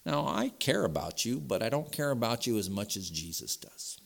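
A pastor delivering a sermon in a somewhat nasal voice, preaching with emphasis and rising louder when he reads scripture. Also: lowish voice, expressive, unhurried, gravelly.

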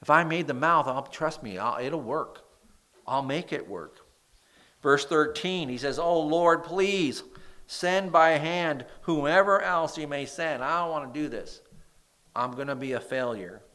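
A man with a bright, nasal voice delivers a sermon, reading scripture with lively emphasis and letting his voice drop soft at the ends of points. It sounds like he is preaching to a congregation in a church. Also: on the high side, unhurried. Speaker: pastor.

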